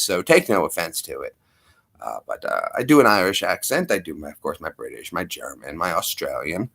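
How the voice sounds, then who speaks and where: A man's voice: low-pitched, fairly bright tone. Chatty rambling male streamer. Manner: rambling, chatty, repeats himself. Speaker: live streamer. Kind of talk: casual live-stream chat.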